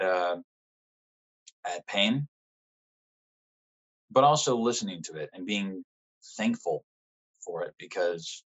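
A man speaking as a podcast guest, candid and reflective, with halting restarts and frequent apologies. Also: sits low. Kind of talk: candid personal conversation. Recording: dull lo-fi sound.

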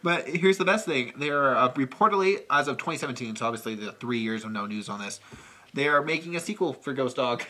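A young man in casual podcast chat, telling a film plot as an animated storyteller who acts out the scenes. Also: mid-range voice, fast talker. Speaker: podcast co-host.

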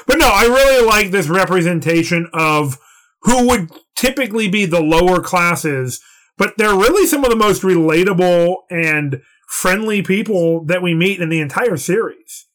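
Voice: medium pitch, lively intonation, moderate pace, fairly bright tone. A podcast co-host in a casual, analytical discussion, talking at length and in detail. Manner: analytical, talkative.

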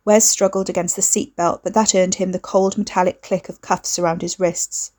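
Reading from a script, a female audiobook narrator tells a novel's story in a steady, measured way. Her pitch sits fairly low.

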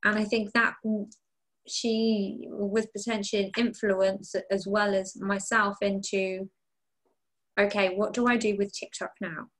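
A woman's voice: medium pitch, little pitch movement, measured pace, poor audio. Woman talking openly and personally. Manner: open, personal, thinking aloud with restarts. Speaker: guest, content creator and diving instructor. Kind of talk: casual podcast chat.

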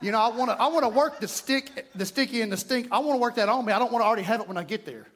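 A man preaching a fervent, folksy sermon in a church, breaking into shouts. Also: very high voice, racing. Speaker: pastor. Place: church sanctuary. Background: music.

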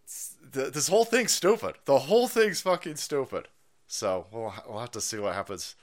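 A middle-aged man hosting a livestream, ranting about politics in a loud, profane, laughing way. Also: mid-range voice, normal speed. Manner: foul-mouthed, laughing, animated. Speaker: livestream host.

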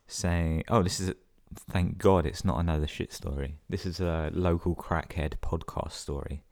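A man's voice: very deep voice, lively intonation, measured pace, vocal fry, a little mellow. A man hosting a podcast, reading listener emails aloud and breaking in with sweary, sarcastic comments. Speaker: podcast host.

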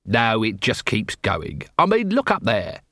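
A man's voice: lowish voice, wildly swooping pitch, unhurried, fairly bright tone, no room sound, heavily acted. A man voicing a dry, world-weary middle-aged watch captain in an audiobook.

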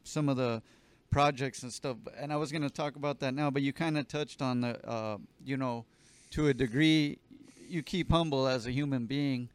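A man's voice: mid-range voice, fairly even intonation, moderate pace, clean tone, no echo. A man hosting a podcast, asking long rambling questions in a laid-back, profane way. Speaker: podcast host. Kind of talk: casual podcast interview.

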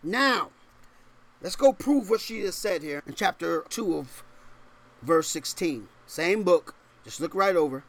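A male pastor preaching a sermon, emphatic, swinging from loud stressed points to quiet asides and often checking in with rhetorical questions. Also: lively intonation, a little slow. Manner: shifts between raised, forceful stresses and low, quiet asides.

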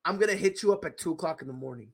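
A man co-hosting a podcast in casual chat, excitable, swinging from hushed mutters to loud outbursts. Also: a little high, rapid-fire, gravelly. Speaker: podcast co-host.

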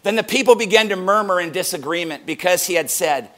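A man's voice: high voice, fairly quick, a bit bright. A middle-aged man preaching a sermon as pastor, playful and joking between points.

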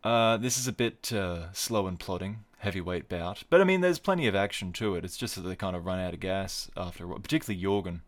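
A man's voice: sits low, animated, fast, hardly any pauses. A man hosting a casual solo podcast, recapping fights with wry, rambling asides. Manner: wry, digressive, jokey asides. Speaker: podcast host.

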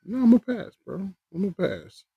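Man, podcast co-host, fairly high voice, laid-back, dismissive, dry sound. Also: sing-song, normal speed, gravelly, husky, no room sound, highs cut off. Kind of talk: casual chat.

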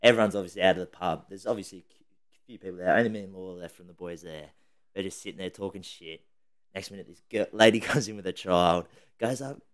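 A man's voice: sits low, fast talker. An Australian man hosting a casual podcast chat, leading the topics and laughing often. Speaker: podcast host.

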